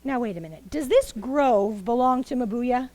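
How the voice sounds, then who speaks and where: A woman telling a folktale live to children, animated and coaxing, asking the audience questions. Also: on the high side, normal speed. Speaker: storyteller. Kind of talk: live interactive storytelling for children.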